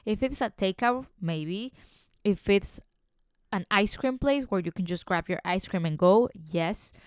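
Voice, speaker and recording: A woman hosting her own podcast, telling work stories in a casual, animated, gossipy way that turns to indignant rants. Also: medium pitch, unhurried, smooth, no echo, clean studio sound. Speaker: podcast host. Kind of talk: casual solo podcast storytelling.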